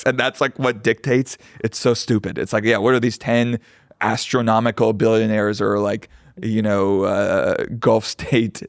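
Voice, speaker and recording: A man's voice: on the low side, gravelly, no room sound, clean studio sound. A man co-hosting a podcast, telling stories animatedly with swearing and impressions. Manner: animated storyteller, swears, mimics people he overheard. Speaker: podcast co-host. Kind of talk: casual chat.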